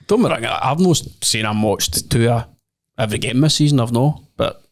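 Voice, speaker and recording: A young Scottish man in a relaxed podcast chat, his voice sitting at a middling pitch. He drops dry jokes and fills gaps with easy "aye"s and "mm-hmm"s. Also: fairly quick. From Scotland. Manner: laid-back, dry humour, lots of "aye" and "mm-hmm". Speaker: podcast co-host. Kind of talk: casual chat.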